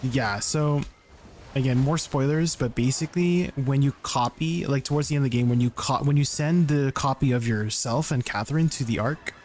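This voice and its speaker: Male streamer, casual live chat, rambling, excitable, many restarts, mid-pitched voice. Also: normal speed, a little hiss or hum.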